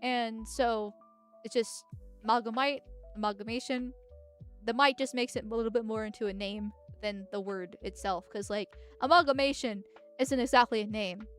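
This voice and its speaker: Chatty woman streamer, high voice. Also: fairly even intonation, moderate pace, soft background music. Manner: chatty, blunt, with sighs and laughs. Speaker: vtuber host. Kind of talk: casual political commentary livestream.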